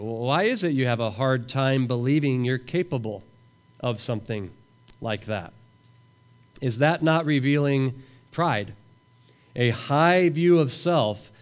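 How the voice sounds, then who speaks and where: An earnest male pastor preaching at a camp session, moving between scripture reading and acted-out prayers. His voice sits at an ordinary male pitch, neither high nor low, and he presses his points with steady conviction. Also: a little slow. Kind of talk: sermon. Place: camp meeting room.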